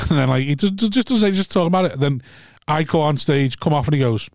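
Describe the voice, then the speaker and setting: A man's voice: fairly high pitch, fast, darkish tone, dry recording. A male comedian from North West England telling self-mocking stories about gigs, laughing often. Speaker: comedian guest. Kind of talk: casual comedians' chat.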